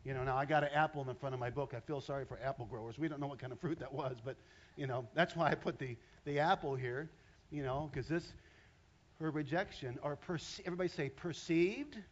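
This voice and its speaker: A man's voice: mid-range voice, brisk, highs cut off. A man preaching a sermon in a church, talking straight to his congregation and drawing them in. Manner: animated, talks straight to the congregation.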